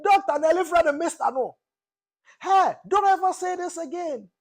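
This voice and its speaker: A shrill scolding Ghanaian auntie. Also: female voice, normal speed. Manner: shrill, bossy, hollering.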